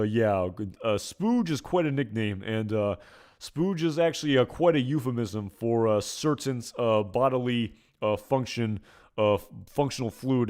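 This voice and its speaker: A man with a somewhat low voice talks through episode commentary in a relaxed, meandering way. He hesitates often and fills pauses with lots of "uh"s. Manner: rambling, hesitant, full of fillers. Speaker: video commentator.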